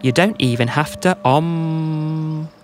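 A man voicing a laid-back ladybug who teaches mindfulness in a rhymed bedtime story, mellow and calming. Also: on the high side, takes it slowly, a little hiss or hum. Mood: mellow, soothing.

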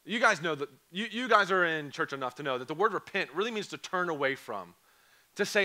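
Hoarse young man preaching to students. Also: on the high side, animated, fairly quick, pushed and bright. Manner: earnest, repeats phrases, emphatic questions to students. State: hoarse, voice going. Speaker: camp preacher. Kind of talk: youth camp sermon. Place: church or camp hall.

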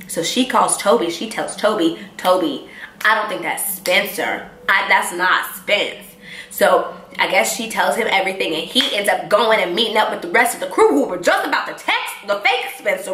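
Young woman vlogger, bright voice in an echoey room, excited chatty recap. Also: medium pitch, a little hiss or hum. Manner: excited, chatty, animated storytelling. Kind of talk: casual TV recap.

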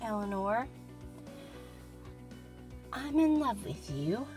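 Woman, casual vlog host, slow, gushing, giggly, fake accent, music behind. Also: fairly high pitch, sing-song, a little mellow. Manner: gushing and giggly, talks to the doll. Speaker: host of a haunted doll channel. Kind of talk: casual vlog, spirit session.

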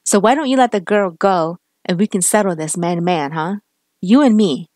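A woman's voice: fairly low pitch, moderate pace, darkish tone, dry recording, natural voice. A woman voicing a determined, protective male detective who talks urgently and commandingly, recorded dry and close.

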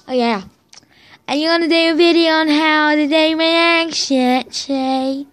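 Slow, high-voiced woman rambling. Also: fairly bright tone. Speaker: YouTuber. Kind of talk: casual vlog Q&A.

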